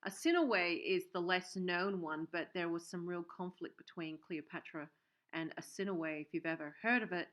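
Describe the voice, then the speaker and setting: Over dull, lo-fi stream audio, a woman with a lowish, slightly bright voice chats from her home workshop. She's a soap maker hosting a casual livestream, talking in a rambling way full of fillers and reading out comments from viewers.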